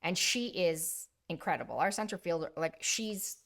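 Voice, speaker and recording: A woman co-hosting a casual chat, telling lively stories about coaching and acting out her own yelling. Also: fairly low pitch, normal speed, vocal fry. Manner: animated storyteller, acts out her own yelling. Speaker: podcast co-host.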